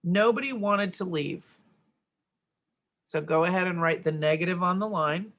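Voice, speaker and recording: A woman's voice: on the low side, normal speed. A middle-aged woman teaching a grammar worksheet lesson, explaining step by step and checking in with "right?".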